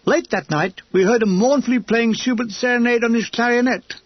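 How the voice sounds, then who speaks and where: High-voiced man reading a comic memoir. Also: brisk, no echo, muffled recording. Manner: dry, comic storytelling. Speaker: audiobook narrator. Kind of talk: audiobook narration of a war memoir.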